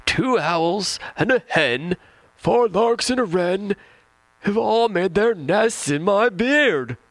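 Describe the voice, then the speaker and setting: A fretful old man with a beard squeals his complaint in a high, strained voice, as a man puts him on. The lines come out slow and drawn-out, with a dramatic comic lilt, like a nonsense verse being performed. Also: expressive, dry recording, exaggerated voice. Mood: alarmed. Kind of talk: comic poem recitation.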